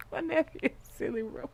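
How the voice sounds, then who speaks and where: A woman's voice: fairly low pitch, a little hiss or hum. A woman hosting a casual reaction vlog, talking to her viewers in a playful, giggly, slangy way. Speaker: vlog host.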